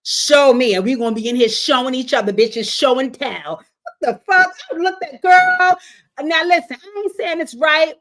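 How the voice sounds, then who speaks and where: A woman hosting a casual reality TV commentary show, profane and animated, with sudden shouting bursts and mimicked voices. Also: high-pitched, moderate pace. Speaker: show host.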